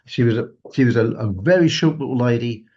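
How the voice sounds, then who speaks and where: A man telling a personal story during a talk, animated and acting out the lines of the people he quotes. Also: medium pitch, fairly quick. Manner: animated, acts out quotes in a raised voice. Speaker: guest speaker. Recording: dull lo-fi recording.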